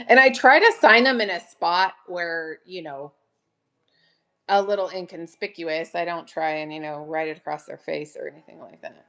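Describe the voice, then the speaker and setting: A middle-aged woman hosting a chatty live selling stream, bubbly and greeting viewers by name with excited gasps. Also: on the low side.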